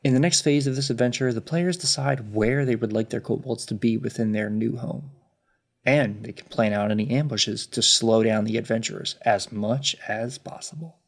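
A man with a mid-range voice narrates as game master for a tabletop game. He talks in a relaxed, chatty way, peppered with "like". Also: medium pitch, moderate pace.

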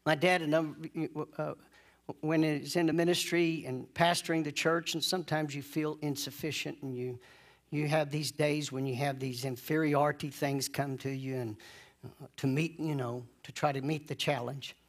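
A man preaching a sermon, leading call-and-response and drawing out key phrases slowly. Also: a little high, fairly even intonation. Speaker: pastor.

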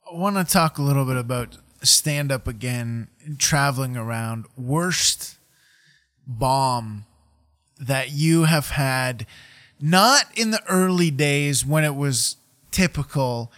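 Laid-back podcast host asking questions. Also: male voice, mid-range voice, expressive, takes it slowly, a bit bright. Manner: short reactions, playful outbursts. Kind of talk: casual interview.

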